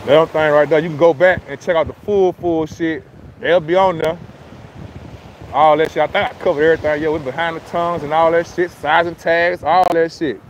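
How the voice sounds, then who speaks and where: High-voiced man chatting loosely on a livestream. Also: steady tone, brisk, slight background noise. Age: middle-aged. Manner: loose, profane, laughing often, talking back to chat comments. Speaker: livestream host. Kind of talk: casual livestream chat. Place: outdoors at a beach.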